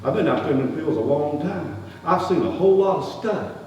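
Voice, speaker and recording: A man, a pastor, playing a skeptical, rough-spoken outcast shepherd in a first-person dramatic sermon, talking. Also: a little high, a little fast, dull audio, close to an everyday voice. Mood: earnest. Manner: folksy, colloquial grammar, rising animated questioning. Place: church sanctuary. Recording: echoey hall, distant mic, faint hum.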